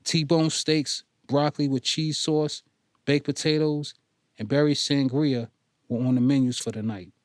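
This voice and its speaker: A man reading a novel aloud as an audiobook narrator in a steady storytelling manner. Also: mid-range voice, unhurried, no room sound, clean studio sound. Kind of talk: scripted narration.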